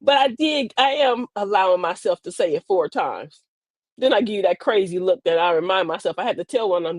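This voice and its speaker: An older woman, a grandmother, hosting a livestream and telling sassy, funny stories about parenting in a casual, animated way. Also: medium pitch, brisk, dry recording. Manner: animated, sassy storytelling with laughs. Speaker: livestream host. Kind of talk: casual comedic livestream monologue.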